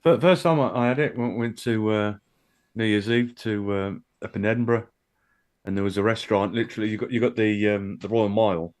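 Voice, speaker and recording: A man's voice: lowish voice, fairly quick, darkish tone. A man co-hosting a casual chat show, telling stories in a rambling, hesitant way with casual swearing. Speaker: co-host.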